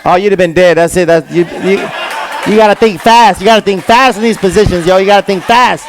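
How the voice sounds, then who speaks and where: A young male comedian works a stand-up set on stage, talking into a handheld mic. His voice sits high and has a gravelly edge. He rambles in street slang and keeps circling back with "you know what I mean." A faint hiss sits under the recording. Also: brisk, a crowd in the background. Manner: streetwise storytelling with slang and repeated fillers. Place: comedy stage before a live audience.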